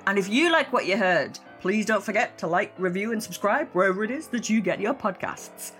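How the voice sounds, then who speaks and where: A woman's voice: medium pitch, animated, brisk, fairly bright tone, soft background music. A woman hosting a history podcast, friendly in conversation and reading a scripted outro. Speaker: podcast host.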